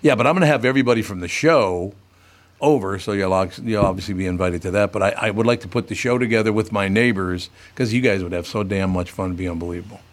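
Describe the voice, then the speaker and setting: A man's voice: fairly low pitch, quick pace. A man hosting a radio show, telling stories in casual banter and swearing freely. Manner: animated storyteller, swears casually.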